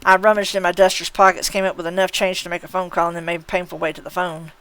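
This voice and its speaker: A woman streamer reading a novel aloud live, unhurried, with occasional slips and self-corrections. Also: on the low side, flat delivery, a bit bright, clean tone, dry recording, poor audio.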